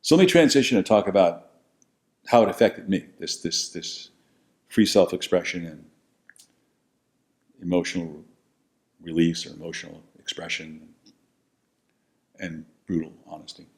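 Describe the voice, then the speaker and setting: An older American man telling stories from his own life, blunt and profane, swinging between loud bursts and low asides. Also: moderate pace, long pauses. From United States. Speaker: podcast host telling his life story. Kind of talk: casual storytelling monologue.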